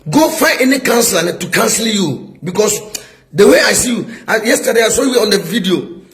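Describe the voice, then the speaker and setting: A man's voice: sits high, expressive, a little fast, faint music behind. A middle-aged man with a Ghanaian English accent, a prophet scolding a rival in a heated video response, full of rhetorical questions.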